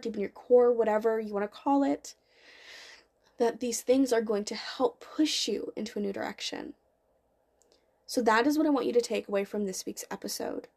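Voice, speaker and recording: A young woman with a somewhat high voice speaks in an earnest, encouraging podcast style. She stacks up repeated phrases for emphasis as she coaches her listeners. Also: darkish tone. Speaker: podcast host and life coach. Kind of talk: motivational podcast talk.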